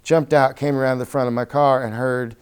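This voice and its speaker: A man with a smooth, resonant voice at a middle pitch gives documentary testimony as a freelance journalist. He tells his story vividly, his voice turning urgent when he recalls shouting warnings. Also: flat delivery, fairly quick.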